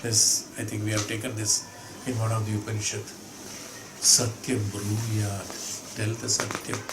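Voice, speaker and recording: A man's voice: on the low side, monotone, fairly quick. Man giving an emphatic scripture discourse. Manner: emphatic, rhetorical questions, repeats phrases. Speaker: spiritual teacher. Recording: echoey room with background hum.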